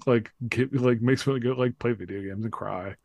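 A man's voice: mid-range voice, brisk, creaky, darkish tone, dry recording. A man, a former football player, telling stories as a podcast guest in a loose, rambling way full of fillers and restarts. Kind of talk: casual storytelling chat.

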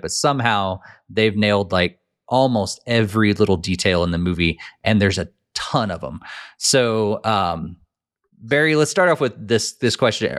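Male podcast host, relaxed, rambling delivery, lower pitch. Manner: rambling, many fillers and restarts, asks questions. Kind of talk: casual podcast chat.

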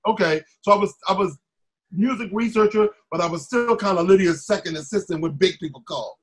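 A man telling animated behind-the-scenes stories in a casual group chat, acting out the people he quotes. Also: high voice, brisk, husky. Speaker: former music TV staffer telling stories.

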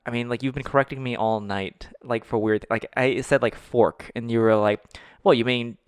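A man's voice: mid-range voice, steady tone, moderate pace, clear, resonant tone, no echo, clean studio sound. A man co-hosting a podcast, chatting casually in a playful, teasing way. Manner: playful, teasing, laughs often. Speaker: podcast co-host. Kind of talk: casual chat.

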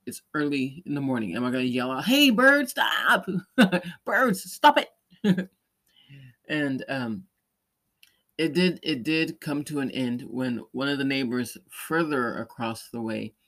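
A man of middle pitch hosting a relaxed talk show, wandering through an anecdote. He keeps restarting his sentences and laughs lightly as he goes, in easy, casual chat. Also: normal speed. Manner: rambling storytelling with many restarts and light laughs. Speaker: podcast host; parent or caregiver.

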